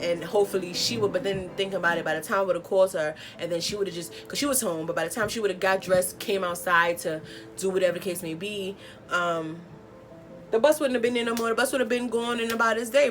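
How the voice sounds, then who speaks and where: A young woman tells a story straight to camera in an animated, slangy way. Her pitch sits in the middle, and she bursts into loud exclaimed quotes. Music plays clearly under her voice. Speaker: vlogger telling a story. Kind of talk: casual storytime vlog.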